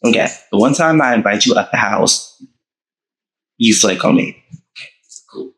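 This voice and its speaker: A man hosting his own show, telling a dramatic personal story to his viewers in a casual, animated way. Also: on the low side, moderate pace, low-quality recording. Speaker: host.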